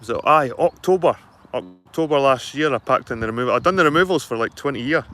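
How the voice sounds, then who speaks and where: A man's voice: medium pitch, lively intonation, fast, sharp tone, soft background music. A middle-aged man, chatting casually and rambling to live viewers while walking round his allotment outdoors, speaking into a handheld phone. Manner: rambling, sweary, matter-of-fact. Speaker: livestreaming vlogger.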